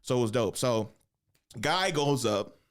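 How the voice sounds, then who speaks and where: A young man chats loosely on his own show, his voice leaping up when he acts out the people in his story. He curses often and speaks at an ordinary middle pitch. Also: a little slow. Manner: animated, swears often, acts out quotes with big pitch jumps. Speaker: podcast host and stand-up comedian. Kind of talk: casual storytelling chat.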